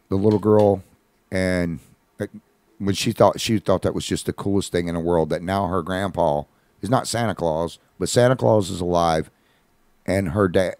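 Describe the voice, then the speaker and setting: A man's voice: low voice, a little mellow, dry recording. A man hosting a live radio show, telling a story in a folksy, conversational way and acting out the quoted voices. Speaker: radio host. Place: studio.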